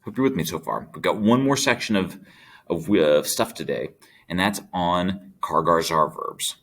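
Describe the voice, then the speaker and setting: Male teacher, low voice, patient recorded grammar lesson for students. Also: normal speed, a bit bright, husky. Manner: patient, explains step by step to students. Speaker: Spanish teacher.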